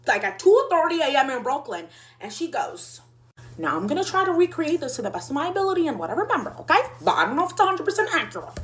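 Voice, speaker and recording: A woman in her mid-twenties telling a casual storytime, rambling and packing her sentences with fillers as she acts out what everyone said. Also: on the high side. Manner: rambling, filler-heavy, animated retelling.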